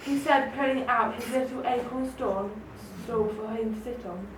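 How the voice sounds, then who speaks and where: A woman reading a children's story aloud in a gentle, expressive way. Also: a little high, normal speed, noisy background. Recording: roomy, distant mic, faint ambience.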